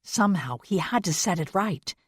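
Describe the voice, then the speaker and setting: A woman narrating a historical romance audiobook in a measured, expressive manner. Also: lowish voice, slightly rough, no echo, studio quality. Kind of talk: scripted narration.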